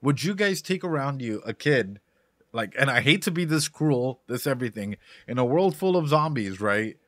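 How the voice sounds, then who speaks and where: A man's voice: mid-range voice, expressive, moderate pace, no echo, clean studio sound. A man giving casual live-stream commentary on an anime, rambling and repeating words as he talks to his chat.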